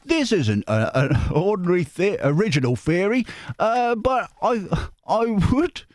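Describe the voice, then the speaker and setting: A man's voice: high-pitched, very animated, a little slow, dry recording, clean studio sound, pitched above the performer's own voice. A man reading out a male viewer's message in an overdone, sing-song mock Cockney voice. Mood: cheery.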